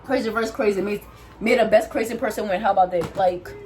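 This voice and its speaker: A young woman vlogger telling a story in a loud, animated way while doing her hair, speaking straight to her viewers. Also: medium pitch, fast talker. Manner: animated, talks straight to viewers, calls them "y'all"; loud, says she has a loud mouth.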